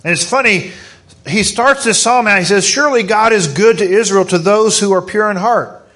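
Hoarse, fervent middle-aged male preacher. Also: high-pitched, normal speed. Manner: fervent, rising to excited emphasis. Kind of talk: sermon. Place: church.

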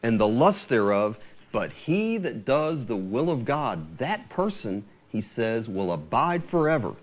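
A man preaching a sermon, quoting scripture with lively, rising emphasis. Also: medium pitch, unhurried.

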